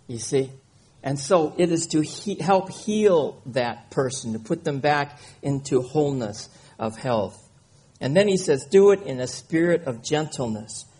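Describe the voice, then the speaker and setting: A man's voice: mid-range voice, darkish tone, husky. A man preaching a conversational sermon, reading scripture and often checking in with his listeners. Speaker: pastor.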